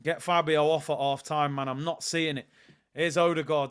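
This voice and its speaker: Male watch-along host, high voice, slangy, flips from grumbling to yelling at chances. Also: normal speed, smooth. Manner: excitable, erupts into shouts at chances; slangy, chats to stream viewers. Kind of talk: live match reaction commentary.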